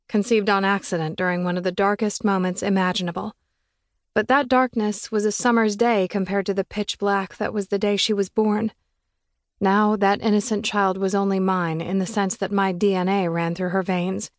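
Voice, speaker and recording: A woman with a mid-pitched voice reads a first-person audiobook, earnest and reflective. The recording is dry and close, with no room sound. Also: fairly even intonation, normal speed, no echo. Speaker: audiobook narrator.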